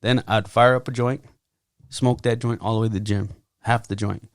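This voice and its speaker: Gravelly man telling his story. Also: fairly low pitch, normal speed, no echo, studio quality. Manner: animated, acts out his own quotes loudly. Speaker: podcast guest. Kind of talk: casual testimony.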